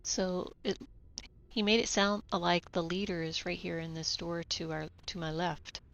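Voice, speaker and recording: Gravelly-voiced woman player. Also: on the low side, flat delivery, unhurried, fairly bright tone, highs cut off. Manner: casual, plain-spoken. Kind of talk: playing a tabletop game.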